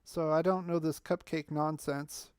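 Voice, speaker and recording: A man's voice: on the high side, steady tone, a little slow, darkish tone, smooth, dry recording, studio quality. A man hosting a fan livestream, answering chat commenters in a heated, argumentative way. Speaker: fan channel livestream host.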